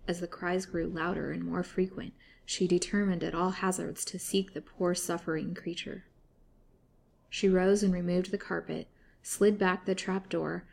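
A woman reading a gothic novel aloud as storyteller, in a measured, dramatic way. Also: fairly low pitch, gravelly, darkish tone.

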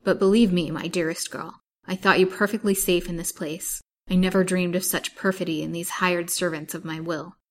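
A woman reading as an indignant, uneasy gentleman. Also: on the low side, steady tone, moderate pace, close to an everyday voice. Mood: abject. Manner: indignant, then abject. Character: indignant, nervous gentleman suitor.

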